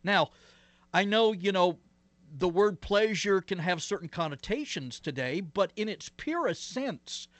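A man's voice: high-pitched, animated, a little slow, no room sound. A man, a pastor, telling stories and explaining his faith as an interview guest, earnest, with many "uh"s and "you know"s. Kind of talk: interview guest, reflective storytelling.

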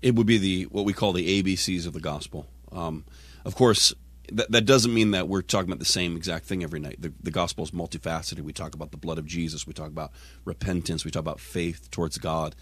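A fervent male evangelist with a very low voice speaks quickly, rattling off the fundamentals of his message. The sound is dry and close. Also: steady tone, a bit bright, no echo. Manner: fervent, listing gospel basics. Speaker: evangelist guest. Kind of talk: preaching in conversation.

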